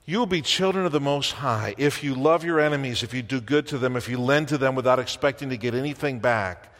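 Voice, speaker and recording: A man's voice: medium pitch, fairly quick, a bit bright, long reverb tail. A man preaching a sermon as pastor in a church, conversational, with wry asides and rhetorical questions.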